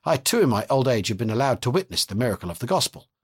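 A man reading aloud gives voice to an irritable old Bolshevik in a prison camp. He is dry and mocking, sometimes snappish. The tone is husky and slightly worn. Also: medium pitch, sing-song, fast talker. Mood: sardonic.

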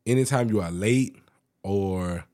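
A young man casually telling work stories on a podcast, loose and profane. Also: unhurried. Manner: laid-back storytelling, profane, lively pitch. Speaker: podcast co-host. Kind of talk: casual chat.

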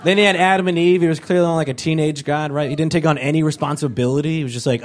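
A young man performing a stand-up comedy set on a club stage, acting out characters with sudden shouted voices. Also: fairly high pitch, brisk.

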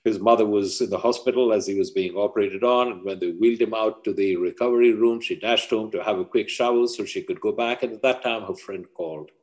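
A man's voice: lowish voice, fairly even intonation, fairly quick, few pauses, a little mellow. A man, a leadership coach, speaking as an interview guest and explaining his ideas with emphatic parables and stories. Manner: emphatic teacher, tells parables. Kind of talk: interview talk with storytelling.

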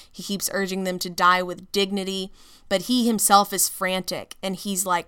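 A woman podcast host narrating a story in a measured, casual way. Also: mid-range voice, little pitch movement, bright, forceful tone, clean tone.

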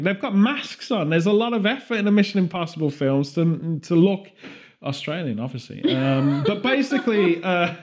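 A man co-hosting a podcast, rambling through absurd comic theories in a deadpan way. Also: high-pitched. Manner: rambling deadpan absurd riffs, quick bursts of put-on voices. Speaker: podcast co-host. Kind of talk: comedic podcast banter.

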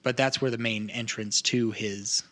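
A man as game master, explaining to players in a halting, roundabout way. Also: mid-range voice, steady tone, a bit bright. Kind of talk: narrating a tabletop game.

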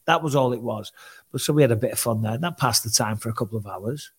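Man, podcast co-host, casual storytelling, acts out quoted conversations, mid-pitched voice. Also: fast talker, slightly rough. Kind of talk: casual chat.

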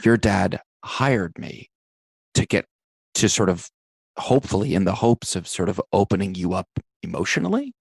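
Gravelly, rambling man in an improv scene. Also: low-pitched, very animated, normal speed, no room sound. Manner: rambling, chummy, full of hedges. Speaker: podcast guest.

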